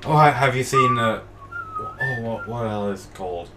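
A man's voice: mid-range voice, expressive, normal speed. A young man playing a video game with a friend, goofy and prone to mock-dramatic exclamations. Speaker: let's play co-host. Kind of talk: casual gaming banter. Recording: distant mic with faint room noise.

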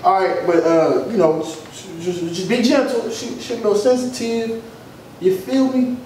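A man voicing a cheating husband who dodges and stammers and pleads for calm. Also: high voice, normal speed, distant mic, close to an everyday voice. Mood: cornered. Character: cheating husband, evasive and smooth-talking. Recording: echoey room, off-mic, noisy.

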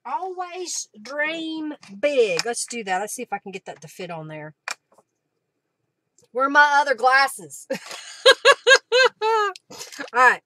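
A woman's voice: fairly high pitch, lively intonation, moderate pace, pauses often, sharp tone. Chatty woman hosting a craft stream. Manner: chatty, thanks viewers by name, clears throat often. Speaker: craft live-stream host. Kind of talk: casual live-stream craft demo.

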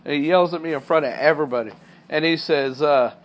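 A man's voice: on the high side, fast talker. A man in his thirties from Kansas, retelling a workplace clash in a personal vlog, indignant and getting heated. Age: 30s. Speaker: truck driver trainee, vlogger.

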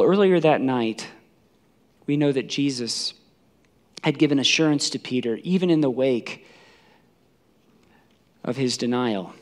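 A man's voice: mid-range voice, a little slow, long pauses. Man preaching a dramatic sermon. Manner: dramatic, acts out the quoted voices. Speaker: pastor. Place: church.

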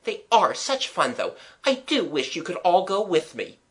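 A plucky storybook schoolboy calls out in a loud, forced-cheerful voice, done by a reader. The voice sits high and swings about with lively ups and downs. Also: normal speed, lightly acted. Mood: jolly. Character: cheery schoolboy, brave, putting on jollity.

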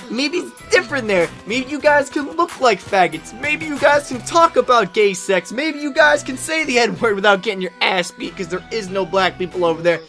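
A young man giving a ranting comedy commentary, aggressive and profane, often shouting. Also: very high voice. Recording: faint music in the background.

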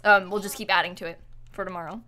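A woman live-streaming a video game, chatting with viewers in an excitable, dramatic, giggly way. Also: mid-range voice, quick pace. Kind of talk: live-stream chat while gaming.

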